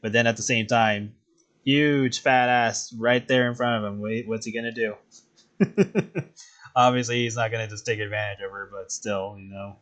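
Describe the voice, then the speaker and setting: A man streaming while he draws, chatting casually in a relaxed, rambling way with plenty of swearing. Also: fairly low pitch, normal speed. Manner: relaxed, profane, rambling with chuckles. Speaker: streaming artist. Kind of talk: casual chat while drawing.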